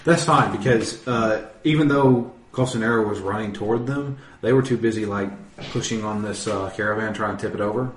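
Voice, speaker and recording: A man's voice: lowish voice, fairly quick, far from the mic. A man running a tabletop game as game master, narrating in a loose, rambling way with many restarts. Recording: roomy echo, faint noise.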